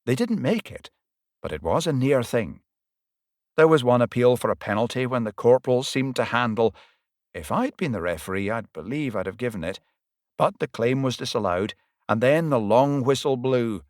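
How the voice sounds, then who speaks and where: Male narrator for a comic audiobook, very expressive pitch, close dry recording. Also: moderate pace, no room sound. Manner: animated, swings pitch and loudness with the action. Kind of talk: first-person audiobook narration.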